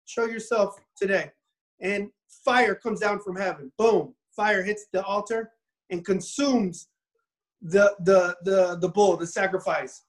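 A man casually retelling a Bible story in an animated, rambling way, often restarting his sentences. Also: high voice, slow pace, rough recording.

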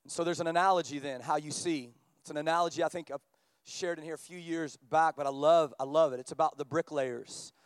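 A high-pitched man preaching a sermon, swinging from quiet, low stretches up to loud, climbing passages. His voice is close and dry, with little room sound around it. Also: brisk, clear, resonant tone, no room sound. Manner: animated preaching, rising in pitch and volume as he builds. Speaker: pastor.

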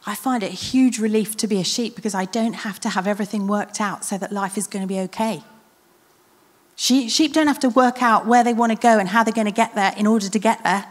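Woman, preacher, sermon, earnest and reflective, emphatic repetition, soft hushed passages, long church-hall reverb. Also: mid-range voice, a little fast.

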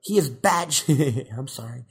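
Young guy ranting about movies, cusses a ton, kinda high voice. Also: moderate pace, slightly rough. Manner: excitable, swears a lot, rambling. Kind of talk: casual chat.

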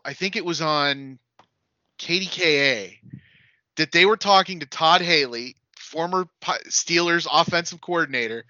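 A man's voice: on the high side, sharp tone, no room sound. A man co-hosting a podcast, chatting casually about sports in an easygoing way. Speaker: podcast co-host. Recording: dull lo-fi podcast audio, dry.

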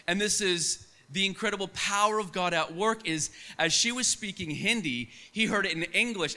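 A young man preaching a sermon, telling stories in an animated, conversational way. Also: sits high.

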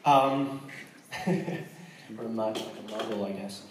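A man's voice: fairly low pitch, slow, heavy reverb, far from the mic, noisy background. An American man, a missionary, talking earnestly with a congregation, joking in between and restarting his sentences often. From United States. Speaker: missionary speaking to a church. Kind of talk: casual testimony to a congregation.

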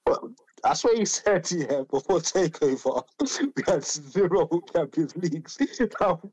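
A man teases his mates in football banter, laughing through his words. His pitch jumps about lively and a touch high. The sound is dry. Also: unhurried, slightly rough, dry recording, rough recording. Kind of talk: casual banter.

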